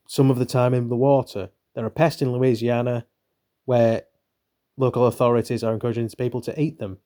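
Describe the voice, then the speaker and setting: Reading a book aloud for his channel, a young man from the north of Britain talks fairly quickly in a medium-pitched, dark-toned voice that stays level. He interrupts the text with rambling, profane, irreverent remarks.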